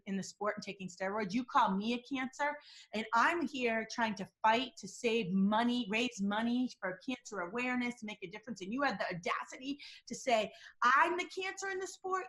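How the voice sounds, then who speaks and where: A woman acting out a male athlete who angrily denies accusations, her pitch climbing as he grows more defensive. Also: bright, forceful tone. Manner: rising heated defensive tone.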